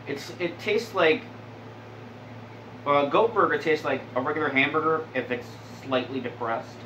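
A man's voice: a little high, moderate pace, bright, forceful tone, reverberant, a little hiss or hum, rough recording. A young man hosting, giving casual, crude and rambling commentary with a joking manner. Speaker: host.

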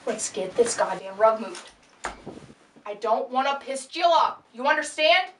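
An actress playing a domineering woman who swears and shouts orders. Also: a little high, expressive, measured pace. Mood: bossy. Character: foul-mouthed bossy woman barking orders. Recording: roomy sound from a distance, faint noise.

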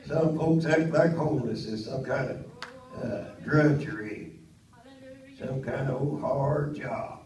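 An older man preaching a Pentecostal sermon in a church, swinging from quiet storytelling up to loud, high-pitched shouting. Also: slow, pauses often. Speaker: pastor. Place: church sanctuary. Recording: roomy church audio from a distant mic.

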